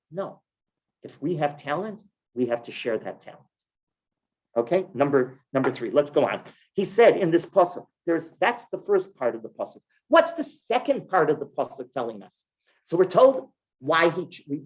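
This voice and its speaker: A male rabbi teaching a weekly Torah class, his delivery lively and full of swings in pitch. He poses questions to his listeners and presses points with emphatic repetition. His pitch sits in the middle for a man. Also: low-quality recording. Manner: animated, emphatic, rhetorical questions.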